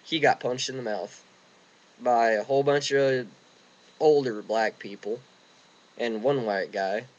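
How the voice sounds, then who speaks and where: A man's voice: mid-range voice, a little slow, long pauses, highs cut off. A young man ranting casually and indignantly, rambling with restarts, recorded outdoors in the wind. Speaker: vlogger. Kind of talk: casual rant.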